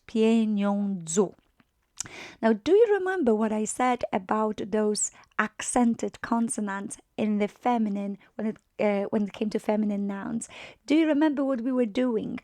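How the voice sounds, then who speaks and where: Woman teacher, slow and patient, slightly high voice, dry close sound. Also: warm tone, no room sound. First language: Polish. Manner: patient, explains step by step with many fillers; checks in often with "right?". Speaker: language teacher. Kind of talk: online language lesson.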